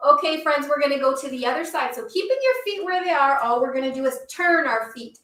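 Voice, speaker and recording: Bright, encouraging woman leading kids' yoga. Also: high voice, expressive, quick pace, echoey room, far from the mic. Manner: upbeat, encouraging, sing-song. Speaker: kids' yoga teacher and storyteller. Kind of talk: children's story time with yoga instruction.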